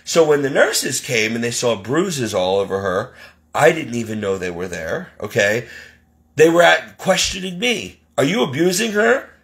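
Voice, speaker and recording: A man's voice: mid-range voice, big pitch swings, measured pace, fairly bright tone. A man venting as a caregiver in an indignant, exasperated monologue. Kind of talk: ranting monologue.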